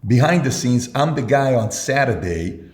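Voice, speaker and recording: A man appearing as a guest entrepreneur tells stories in an interview, performing both sides of the conversations. His voice is mid-range, animated, a little mellow, and at normal speed, recorded with a roomy echo.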